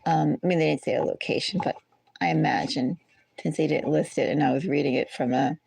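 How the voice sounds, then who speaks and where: A woman with a low, gravelly voice chats her way through a tarot reading. She drifts off on tangents and corrects herself mid-thought. The sound is close and dry. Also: fairly quick, a little mellow, dry recording. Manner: rambling, digressive, self-correcting. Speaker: tarot reader. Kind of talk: casual chatty astrology reading.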